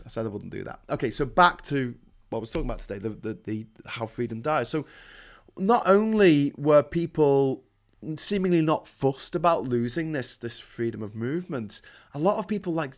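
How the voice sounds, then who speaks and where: A man's voice: fairly high pitch, animated, brisk. A man from the UK hosting a live stream, ranting in a sarcastic, sweary way with many false starts and restarts. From United Kingdom. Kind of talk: live-streamed political rant.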